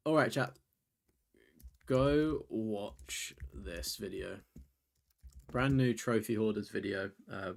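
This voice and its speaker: A man, hosting a live stream and chatting casually with his viewers. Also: fairly low pitch. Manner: rambling, chatty, reads and answers chat. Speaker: streamer host.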